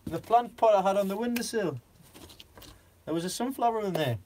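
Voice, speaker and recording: A man voicing an exasperated middle-aged woman who scolds her husband, his voice pushed high and breaking into laughs. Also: animated, a little fast, a little mellow, slight background noise.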